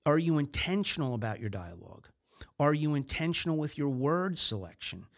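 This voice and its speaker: A man's voice: a little high, very animated. A man hosting a talk show on sales, talking casually and rambling, with many fillers and restarts. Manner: mimics other voices in quick snippets. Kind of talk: casual monologue.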